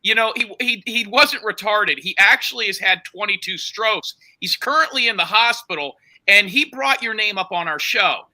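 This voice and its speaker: A podcast host with a high-pitched, sharp voice talks at normal speed with hardly any pauses. During a heated argument he pushes his version of a story and talks over the others.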